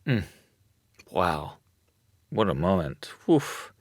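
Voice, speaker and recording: A man hosting an interview and asking measured, searching questions. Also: sits low, big pitch swings, dry recording, clean studio sound. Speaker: podcast host.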